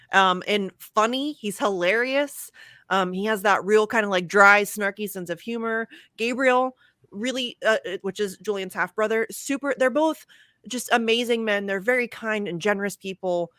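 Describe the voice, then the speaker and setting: A woman's voice: mid-range voice, a bit bright, no room sound, studio quality. A woman co-hosting a political talk show, indignant and fighting back tears as she swears openly. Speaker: co-host. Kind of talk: emotional political commentary.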